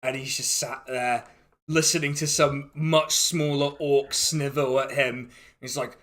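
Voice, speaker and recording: A man's voice: fairly high pitch, measured pace, pushed and bright. A man narrating a tabletop game as game master, in an amused, rambling way with frequent restarts.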